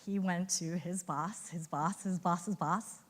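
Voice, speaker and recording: A woman giving a conference talk as an animated storyteller who acts out the voices of colleagues she quotes. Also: on the low side, takes it slowly, big-room sound. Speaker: conference speaker. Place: hotel conference ballroom.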